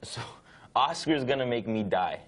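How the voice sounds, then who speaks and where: A man's voice: mid-range voice, expressive, moderate pace, close to an everyday voice. A man playing a defensive, exasperated patient in a training video, pushing back on his counselor. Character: defensive male asthma patient, dog owner.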